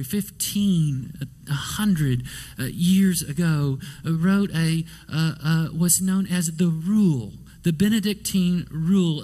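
Male pastor, fairly high voice, sermon delivery with rhetorical questions and whispered asides. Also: darkish tone. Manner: storytelling preacher, rhetorical questions, whispers quoted lines. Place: church sanctuary.

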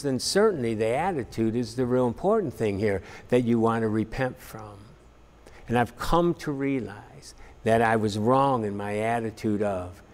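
A man's voice: medium pitch, darkish tone. Earnest man teaching in a reverberant hall. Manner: earnest and plainspoken, with frequent "you know" fillers. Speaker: church class teacher. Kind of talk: practical church class teaching. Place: church meeting room.

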